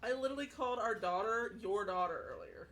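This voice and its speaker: A woman's voice: mid-range voice, a little fast, slight background noise. A woman with a Southern US accent telling stories and swearing while she chats casually during a game stream. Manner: lively storytelling, swearing. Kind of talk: casual chat while gaming. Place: home, streaming.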